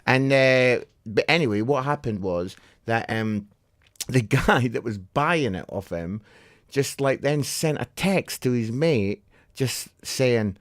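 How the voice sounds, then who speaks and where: A man's voice: medium pitch, slow, no room sound, studio quality. A middle-aged man co-hosting a podcast with his son, telling stories in a casual chat and laughing often. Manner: animated, laughing storyteller. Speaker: podcast co-host, father.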